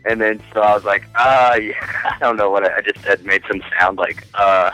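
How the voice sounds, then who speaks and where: A man's voice: fairly low pitch, level tone, brisk, sharp tone, dry recording, soft background music, poor audio. A man on a podcast telling a long casual story, rambling and crude, often laughing through his own lines. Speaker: podcast guest.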